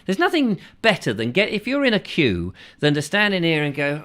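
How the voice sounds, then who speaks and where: A man's voice: a little high, huge pitch swings, moderate pace, few pauses, a bit bright. Rambling English male show host. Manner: rambling, acts out chatty shop exchanges in little voices. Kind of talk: comic ranty chat.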